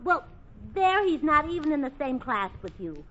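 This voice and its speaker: Woman, high bright voice, lively singsong, scatterbrained, 1940s radio comedy. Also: moderate pace. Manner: scatterbrained, bubbly and chatty. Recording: hissy lo-fi vintage radio recording.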